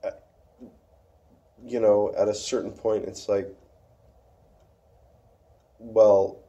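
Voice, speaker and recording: A man in casual conversation about theatre, musing aloud, trailing off and restarting, then getting animated to make a point. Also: on the low side, extremely slow.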